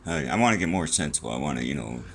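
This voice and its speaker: A man's voice: extremely low pitch, expressive, racing, gravelly, fairly bright tone, a little hiss or hum, rough recording. A middle-aged man rambling casually and profanely in a vlog from a small room at home, jumping from topic to topic. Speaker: vlogger.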